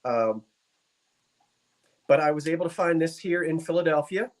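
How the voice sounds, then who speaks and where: A man hosts a live antiques sale online, talking in a chatty, genteel way. His voice sits a bit high, and he drifts into theatrical asides between bids. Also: expressive, moderate pace. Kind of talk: live auction stream.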